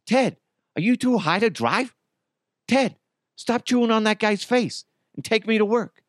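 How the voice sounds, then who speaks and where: A man's voice: high-pitched, lively intonation, unhurried, no echo, studio quality, voice pushed up. A man putting on an impression of a brash middle-aged movie star, with an attempted Boston accent and a clipped, buddy-style delivery.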